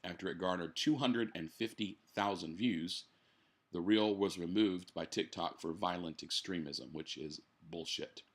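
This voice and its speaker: A man's voice: sits low, unhurried. A man hosting a podcast from his living room, reading a news article aloud and breaking off for blunt, profane asides while he drinks. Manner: blunt, swears freely, drinks while talking. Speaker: podcast host.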